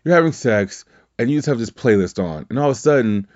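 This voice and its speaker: A man's voice: medium pitch, lively intonation, fast talker, darkish tone, muffled recording. A man hosting a podcast, recapping wrestling in casual, rambling chat full of swearing and fillers. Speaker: podcast host.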